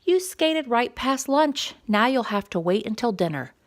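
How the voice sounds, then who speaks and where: A woman's voice: on the high side, very animated, a little slow, voice pushed up. A woman voicing a chirpy bossy little groundhog. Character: cheerful bossy female groundhog. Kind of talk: children's storybook reading.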